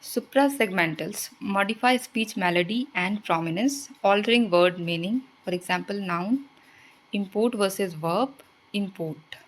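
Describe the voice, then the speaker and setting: A woman's voice: mid-range voice, rough recording. A woman, teaching exam prep by reading quiz questions and explaining the answers. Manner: reads out questions then explains answers, switching into Hindi asides.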